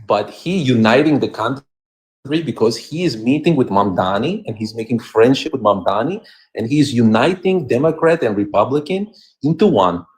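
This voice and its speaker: A man calling into a live stream, speaking slowly in an affected foreign accent. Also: medium pitch, animated, darkish tone. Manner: slow, put-on foreign accent. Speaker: caller.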